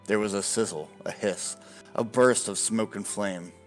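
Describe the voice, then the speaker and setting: Male game master, low and slow, casual swearing narrator, faint music bed. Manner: animated, casual, swears freely.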